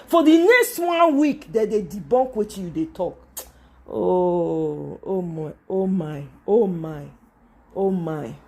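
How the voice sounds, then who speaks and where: A woman with a Nigerian accent hosting a live stream on politics, talking in an animated way, mixing English with Pidgin and greeting viewers by name. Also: on the low side, takes it slowly, slightly rough. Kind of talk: casual live-stream commentary.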